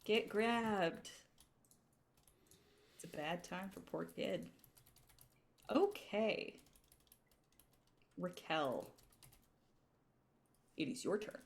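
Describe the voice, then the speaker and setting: A woman running a tabletop game as game master, casual and laughing often, ruling on actions with many hesitant pauses. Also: fairly low pitch, gravelly, darkish tone.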